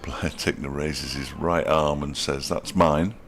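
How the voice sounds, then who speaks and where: A man in middle age commentates on cricket ball by ball, his voice sitting extremely low. He slips in dry, wry remarks between deliveries, over faint ambience from the ground. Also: little pitch movement, a little slow, fairly bright tone, a little hiss or hum.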